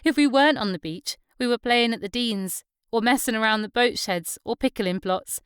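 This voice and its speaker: A woman's voice: fairly high pitch, normal speed, smooth, no echo, studio quality, voice pushed up, lightly acted. A woman voicing a small, cheerful young wife who is chatty and teasing, with a Northumbrian accent.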